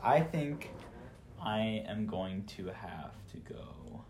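A young man speaks in a fairly low voice during a relaxed college podcast. He hesitates, pauses and searches for words as he makes up his mind. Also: vocal fry, noisy background. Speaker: podcast co-host, resident assistant. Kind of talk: casual chat.

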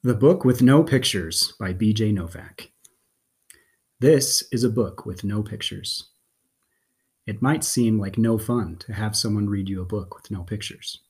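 A man's voice: lowish voice, a little slow, a little mellow, husky. A man, a father and guest on a podcast, reading a picture book aloud in a playful, theatrical way.

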